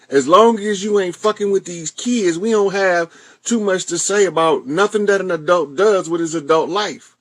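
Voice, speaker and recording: A man with a Southern US accent talks casually and bluntly, full of slang and cursing. His voice sits a little high for a man and sounds dry and close. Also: a bit bright, dry recording. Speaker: host. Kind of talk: commentary on a played clip.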